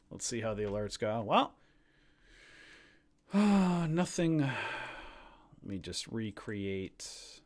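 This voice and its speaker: A man's voice: fairly low pitch, a little slow. A man casually hosting a live stock-trading stream, chatty and jokey, rambling as he talks.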